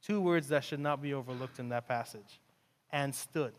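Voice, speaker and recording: A man preaching a sermon, retelling the story in an animated, conversational way with playful asides. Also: medium pitch, a little fast. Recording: long hall reverb.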